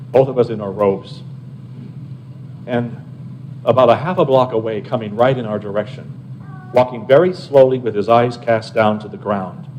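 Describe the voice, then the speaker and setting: An older man spins personal stories for a gathered crowd, leaning into the telling and now and then asking his listeners questions. His voice sits at an everyday middle pitch. A faint hiss runs underneath. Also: rough recording. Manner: animated anecdotal storyteller, chats with listeners. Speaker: abbot. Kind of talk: storytelling to a live audience.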